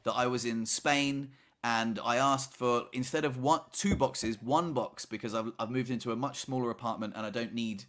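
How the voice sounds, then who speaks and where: A man's voice: mid-range voice, steady tone, normal speed, fairly bright tone. A man co-hosting a casual podcast, rambling through stories and tagging his lines with "right?". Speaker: podcast co-host. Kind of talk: casual chat.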